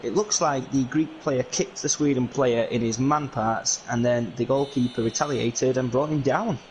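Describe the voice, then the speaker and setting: A man from England, commentating solo on a video game football match in lively play-by-play that is full of fillers. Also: medium pitch, normal speed, slight background noise, low-quality recording.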